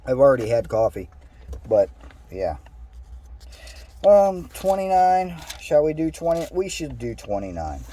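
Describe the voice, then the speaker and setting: A man's voice: medium pitch, big pitch swings, a little slow, pauses often, mellow. A man casually reading a scripture passage aloud, stumbling over words now and then and adding his own asides. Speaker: Bible reader.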